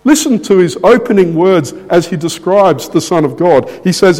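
Man, preacher, sermon, somewhat high voice, long reverb. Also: expressive, darkish tone. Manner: slow, deliberate preaching with dramatic pauses.

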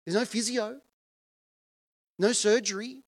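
Earnest pastor, dry close sound. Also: male voice, high-pitched, steady tone, measured pace, no room sound. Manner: earnest, conversational, asks questions of the congregation. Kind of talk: sermon.

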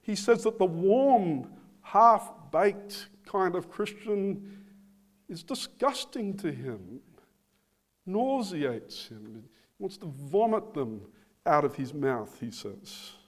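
Male pastor, sermon delivery, unhurried and emphatic, slightly raised pitch. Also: big pitch swings. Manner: slow, emphatic preaching with repeated phrases.

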